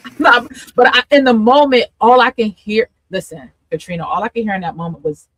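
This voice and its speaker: A woman's voice: mid-range voice, expressive, moderate pace, dry recording, poor audio. A woman hosting a live talk, telling her story with feeling, laughing often and acting out her past self. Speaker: host and coach. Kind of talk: candid testimony in a live conversation.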